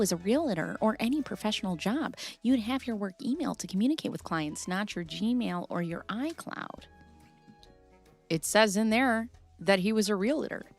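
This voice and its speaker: A woman hosting a casual commentary video, reading viewer comments and chatting, laughing between thoughts. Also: mid-range voice. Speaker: commentary host.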